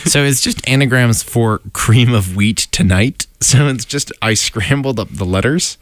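A man's voice: mid-range voice, measured pace, no room sound. A young man co-hosting a casual podcast, rambling and giggly with lots of fillers and restarts. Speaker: podcast co-host. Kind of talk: casual chat.

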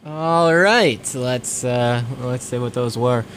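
A man's voice: medium pitch, slow, fairly bright tone, soft background music. A young man hosting a college radio show, chatting casually and rambling with lots of fillers between songs. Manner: rambling, filler-heavy, self-deprecating.

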